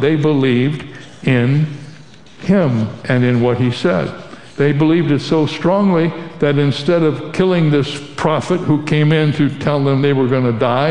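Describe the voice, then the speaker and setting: A man preaches with earnest emphasis, his voice sitting at a middle pitch. The sound rings out in a roomy space with a long reverb tail, as if it came from a church sanctuary. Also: darkish tone. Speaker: pastor. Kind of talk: sermon. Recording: echoey hall with long reverb.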